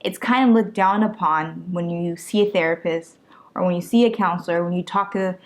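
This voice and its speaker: A young woman co-hosting a casual chat with her husband, playful and animated, teasing him. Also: on the low side, fairly quick. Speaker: co-host, wife.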